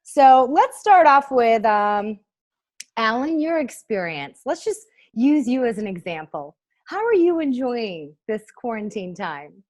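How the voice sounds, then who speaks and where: Woman co-host, playful, laughing, higher voice, video call. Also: big pitch swings, measured pace. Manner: playful, laughing, introduces guests. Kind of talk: casual talk show chat.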